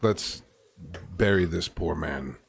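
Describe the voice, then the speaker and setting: A man's voice: sits low, slow pace, vocal fry, slightly rough, no echo. A man playing a tabletop game with a dry, sardonic manner. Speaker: player. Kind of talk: in-character tabletop role-play.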